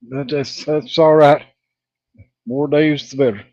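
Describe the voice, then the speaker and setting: A man's voice: a little high, fairly even intonation, takes it slowly, darkish tone, no echo, dull audio. A man hosting a casual hobby livestream, out of breath, greeting viewers by name with lots of fillers.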